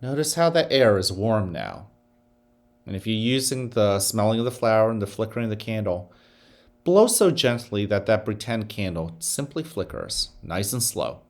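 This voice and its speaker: A man gives morning announcements as principal of a school. His voice moves through a wide, lively pitch range. He talks students through calm breathing in an unhurried, soothing way before turning to upbeat school messages.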